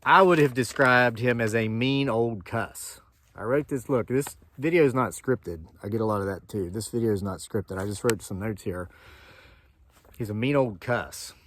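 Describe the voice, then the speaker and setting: A man from Appalachia who hosts a homesteading channel tells his viewers a long, rambling story, casual and chatty, full of asides and digressions. His voice is medium-pitched and a bit bright at normal speed, with a slight hiss or hum in the recording.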